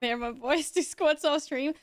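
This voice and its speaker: A woman livestreamer chatting casually with her viewers; she is excitable, laughs often and swears when amazed. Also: high voice, unhurried, dry recording. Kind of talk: casual stream chat with viewers.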